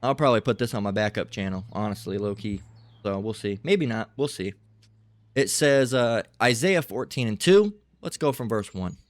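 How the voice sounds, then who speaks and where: A man's voice: on the low side, expressive, normal speed, dry recording. A man commentating and reading aloud in a combative way, repeating himself, swearing freely and keeping on asking "all right?". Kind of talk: heated commentary and bible reading.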